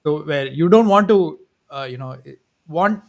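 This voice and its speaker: A man with a fairly high voice chats casually as co-host of a live stream. He talks haltingly, restarting his sentences and laughing lightly between thoughts. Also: animated. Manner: hesitant, many restarts and laughs. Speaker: podcast co-host.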